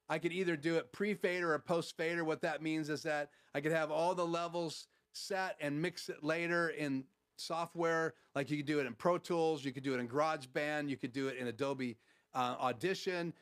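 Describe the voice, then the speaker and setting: A man's voice: on the high side, a bit bright, smooth. A man hosting a casual live stream, walking through his studio audio gear in an explanatory way with frequent fillers. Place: home studio.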